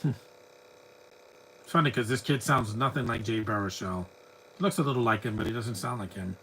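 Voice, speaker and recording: A man's voice: medium pitch, fairly quick, a bit bright, slight background noise, poor audio. A man giving a live movie commentary, chatty and opinionated, full of rambling asides. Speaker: film commentator.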